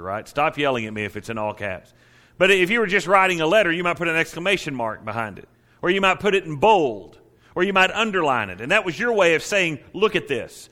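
A middle-aged man preaching a sermon as pastor, emphatic and slowing down to stress key words. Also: a little high, bright, forceful tone.

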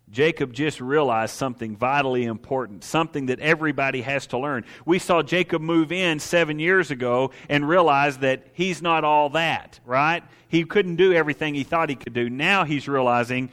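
A man's voice: a little high, fairly bright tone. Male preacher, chatty and emphatic, wry humor, rhetorical questions, a big reverberant hall. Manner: emphatic, slowing down on key points. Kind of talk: sermon.

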